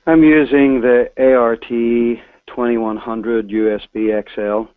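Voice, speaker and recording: A man calling in with a halting, self-conscious question about his recording setup, with frequent restarts. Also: medium pitch, level tone, clean tone, dry recording. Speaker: caller. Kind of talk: hesitant call-in question. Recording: tinny phone line.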